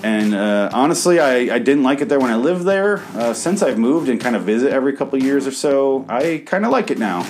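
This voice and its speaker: Midwest-raised male comedy host, mid-pitched, sarcastic and foul-mouthed rant, faint music under him. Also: lively intonation, fairly quick, hardly any pauses, a little mellow. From American Midwest. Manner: sarcastic, profane, bitter ranting. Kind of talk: reading his own writing aloud, then improvised rant.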